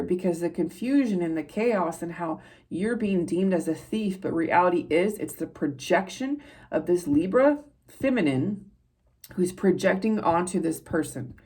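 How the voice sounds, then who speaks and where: A woman's voice: on the low side, gravelly, a little mellow, slightly rough. A woman who is a psychic tarot reader, giving an earnest, rambling spiritual reading to her viewers in a preacher-like way.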